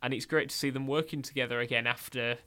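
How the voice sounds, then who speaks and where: Bright-voiced Northern English radio host. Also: male voice, medium pitch, fast. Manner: chatty, restarts a lot, excitable. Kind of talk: casual radio chat.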